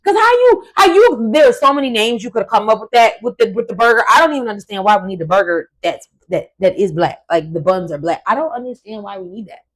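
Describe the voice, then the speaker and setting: A woman hosting a casual commentary vlog, ranting in an emphatic, profane and animated way. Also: mid-range voice, fast, few pauses, poor audio. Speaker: host.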